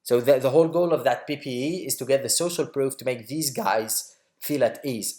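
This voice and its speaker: Male tutor, mid-range voice, relaxed off-the-cuff explainer, frequent fillers. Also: medium pitch. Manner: quick, loose explaining with many fillers and restarts. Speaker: online marketing instructor. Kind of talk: casual screen-share tutorial.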